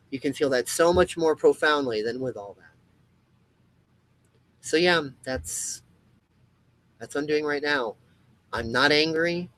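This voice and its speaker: A man's voice: mid-range voice, a bit bright, poor audio. A man in a profane ranting monologue. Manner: profane, emphatic, repetitive ranting with frequent restarts. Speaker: comedy web show host. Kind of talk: impassioned solo rant to camera.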